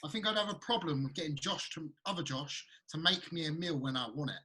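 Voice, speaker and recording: A man's voice: a little high, expressive, fast talker, bright, forceful tone. A British man co-hosting a podcast, joking and teasing in casual chat with hesitant restarts. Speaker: podcast co-host. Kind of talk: casual banter.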